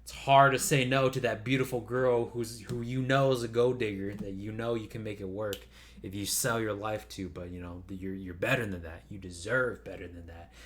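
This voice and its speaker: A man's voice: on the low side, fairly even intonation, moderate pace. A man vlogging in a loose, rambling monologue, swearing casually and padding with fillers and restarts.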